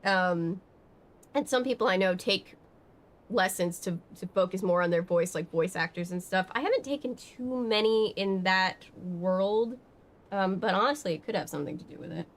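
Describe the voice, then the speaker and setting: A woman's voice: medium pitch, normal speed. A woman from Georgia with a slight Southern accent, chatting casually with her stream audience in a rambling way. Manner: chatty, rambling with fillers and restarts. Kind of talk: casual live-stream chat.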